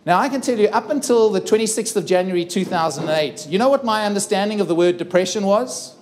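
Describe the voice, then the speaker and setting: Middle-aged man, keynote speaker on a festival stage, fairly high voice, earnest dramatic storyteller. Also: animated, quick pace, slight background noise. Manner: earnest, dramatic retelling with acted-out dialogue. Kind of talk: personal storytelling talk. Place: festival stage before a live audience.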